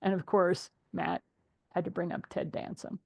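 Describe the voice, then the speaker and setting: A woman's voice: on the low side, moderate pace, creaky. Middle-aged woman host telling stories. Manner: animated storytelling, laughs often. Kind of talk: casual group chat.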